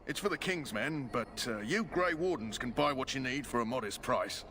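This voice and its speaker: A man voicing a flustered, brisk army quartermaster in a game who offers shady goods in a confiding tone. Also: medium pitch, lively intonation, sharp tone, a little hiss or hum. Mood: brisk, sly. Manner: flustered, then sly and confiding.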